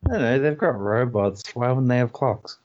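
A man's voice: medium pitch, animated, normal speed, a little mellow. Casting: casual male player, wry jokes; slightly dull audio. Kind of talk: casual chat.

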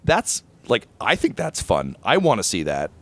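A man's voice: fairly low pitch, moderate pace, no room sound. A man chatting casually on a podcast as a game master, telling stories with lots of acted-out quotes. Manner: animated storyteller, acts out quoted voices.

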